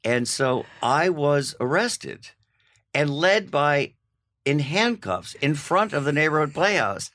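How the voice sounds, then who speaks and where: An older man, a guest actor, telling candid anecdotes in an interview, animated and laughing, slipping into voiced quotes. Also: fairly high pitch, takes it slowly.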